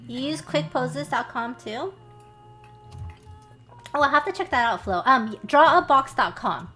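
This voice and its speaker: A young woman co-hosting a casual art study stream, chatty, full of ums and quick laughs. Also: high-pitched, lively intonation, bright, forceful tone, faint music behind.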